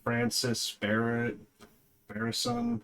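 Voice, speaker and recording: A man's voice: mid-range voice, sing-song, slow pace, fairly bright tone. Rambling, dismissive male movie reviewer. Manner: rambling, filler-heavy, dismissive. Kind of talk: casual spoken review.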